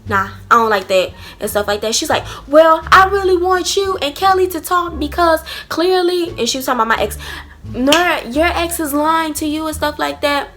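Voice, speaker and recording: A young woman telling a blunt, profane storytime vlog with animated energy. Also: high-pitched, brisk, few pauses, faint music behind. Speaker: vlogger.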